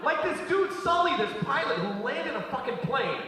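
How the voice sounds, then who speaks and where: Stand-up comic, man in his forties, high and lively, profane ranter, recorded from far off in a reverberant live hall. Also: normal speed, background noise. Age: 40s. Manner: profane ranting, bursts into shouting. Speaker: stand-up comedian. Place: theater stage before a laughing audience. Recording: roomy live hall from a distance, crowd laughter.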